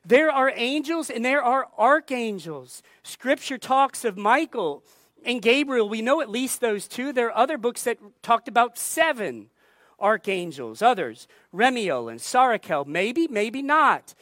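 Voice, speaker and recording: A woman pastor delivers a sermon at an unhurried, measured pace, leaning on emphatic repetition. Her voice sits in a middle register and sounds close and dry, with no room echo. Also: on the high side, big pitch swings, a bit bright. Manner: deliberate, emphatic preaching with repeated phrases.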